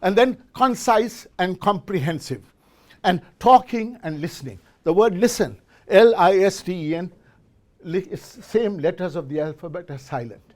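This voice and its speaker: At a moderate pace, the middle-aged man speaks in a high, expressive voice with a darkish tone. He is giving a motivational business talk as a business forum speaker, quizzing a live audience in an event hall and often beginning his words again.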